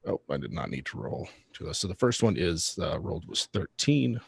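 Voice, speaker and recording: A man playing a tabletop game, talking in a thoughtful, halting way and correcting himself. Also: deep voice, sing-song, creaky, slightly rough, no room sound, clean studio sound. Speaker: player. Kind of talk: casual tabletop play.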